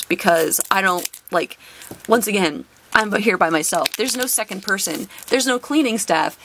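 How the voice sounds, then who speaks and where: A woman's voice: mid-range voice, animated, normal speed, sharp tone, a little hiss or hum. A young adult woman, a teacher hosting her own channel, tells an exasperated work story with laughs while opening a card box.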